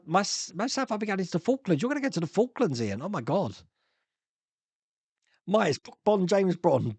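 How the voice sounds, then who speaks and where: A chatty man from Australia hosts a live stream, answering viewer comments in a casual, rambling way. His voice sits a touch high and swings lively up and down, and he often restarts his sentences and chuckles to himself. The recording is dry and close. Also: dry recording.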